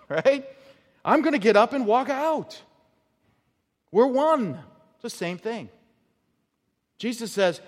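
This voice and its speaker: A man's voice: extremely high pitch, animated, slow, long pauses. A man preaching a sermon as pastor, emphatic and often repeating his words as he builds a point. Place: church sanctuary. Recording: long hall reverb.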